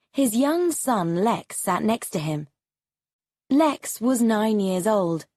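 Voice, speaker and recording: A woman reads a graded storybook for English learners slowly and with great care. Her pitch rises and falls a lot, and her voice has a husky edge. The sound is close and dry. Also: darkish tone, dry recording. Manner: slow, clear, deliberate reading. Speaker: story narrator.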